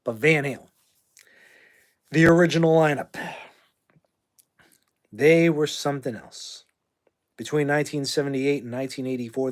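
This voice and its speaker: A man in his fifties from the United States, hosting a livestream in a brash, rambling, trash-talking way while answering viewer comments. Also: medium pitch. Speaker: livestream host.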